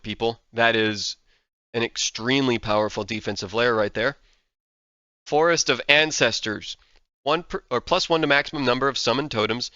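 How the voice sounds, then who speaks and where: Bright, excitable gaming commentator man. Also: mid-range voice, smooth, no room sound, highs cut off. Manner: enthusiastic, reads game text aloud then reacts. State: sleepy, yawning. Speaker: gaming content creator. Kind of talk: casual game commentary.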